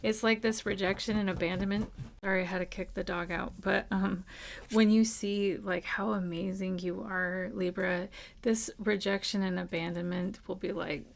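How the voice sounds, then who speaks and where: A woman with a gravelly, fry-laden voice gives a casual tarot reading at home. Her pitch stays fairly even as she speaks in an earnest, reassuring way. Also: moderate pace. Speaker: tarot reader. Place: at home with a dog.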